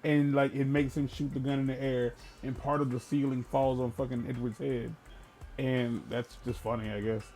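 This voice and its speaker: A man co-hosting a gaming podcast, casually and profanely retelling a film, with bursts of loud emphasis. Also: medium pitch, flat delivery, moderate pace, faint music behind.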